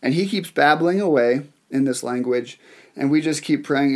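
Young male preacher, animated storyteller, a bit high-pitched. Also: normal speed. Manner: animated storytelling with fillers and restarts. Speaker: pastor. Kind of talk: sermon storytelling.

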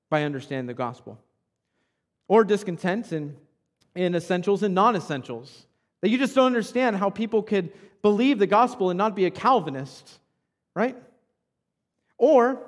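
A man in his thirties preaching a sermon as pastor, conversational, often checking in with the congregation by asking "right?". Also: high-pitched. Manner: conversational preaching with frequent tag questions. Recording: long hall reverb.

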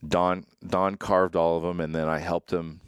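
A man's voice: sits low, little pitch movement, moderate pace, clean tone. A man hosting a casual interview, telling a rambling story with lots of restarts. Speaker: podcast host.

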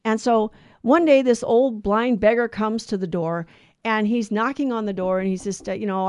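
A woman telling a moral story in a casual, animated way, acting out the characters' lines. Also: medium pitch, normal speed, clean tone, no echo, clean studio sound. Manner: animated, acts out the lines, many restarts.

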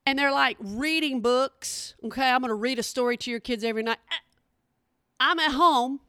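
A middle-aged woman delivers a comedic rant, sassy and exasperated, mocking as she goes. Her voice sits a little high. The sound is close and dry, with no room around it. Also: moderate pace, a bit bright, clear, resonant tone, no room sound.

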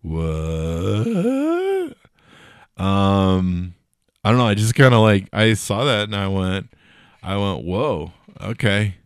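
A man's voice: lowish voice, fairly even intonation, unhurried, smooth, no echo, clean studio sound. A middle-aged man hosting a podcast, chatting casually about tech news with rambling, jokey asides and lots of fillers. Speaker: podcast host.

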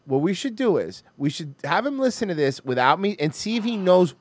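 A man's voice: high-pitched, sing-song, a little fast, dry recording. A man hosting a casual livestream, reacting animatedly and swearing freely. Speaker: livestream host.

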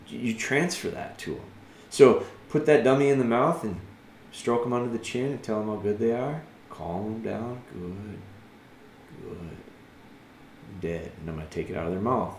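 A man giving patient, earnest dog-training advice as a podcast host, thinking aloud and dropping soft and slow when he models calm commands. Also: lowish voice, reverberant, slight background noise. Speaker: dog trainer answering a listener.

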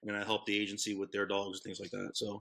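A police dog handler in his thirties, from Orlando, Florida, with a New York accent, tells stories in a casual interview. His lowish voice is gravelly, bright, forceful and slightly rough, delivered fast and completely flat. He rambles, with plenty of fillers and restarts.

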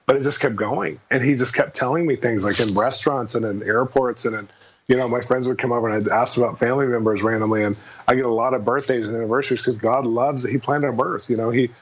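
A man telling a personal faith story in a casual interview, fast and animated, acting out the quotes. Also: medium pitch, highs cut off, slight background noise. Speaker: guest minister.

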